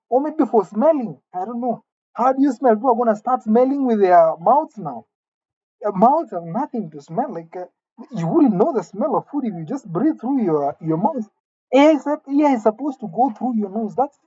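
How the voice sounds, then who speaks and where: A woman delivering a mock-serious comic rant, indignant and halting, often repeating her words. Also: a little high, mellow, slightly rough, lo-fi sound. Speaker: comedic vlogger.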